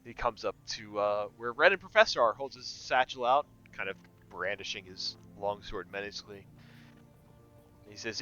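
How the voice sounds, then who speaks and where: A man's voice: fairly low pitch, normal speed, bright, forceful tone, no room sound, highs cut off, faint music behind. A man narrating a tabletop game as game master in a casual, laughing way.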